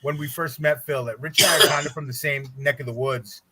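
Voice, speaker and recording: A man's voice: on the high side, steady tone, fairly quick, background noise. A man chatting as a guest on a stream, talkative and a bit apologetic about his swearing. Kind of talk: casual chat.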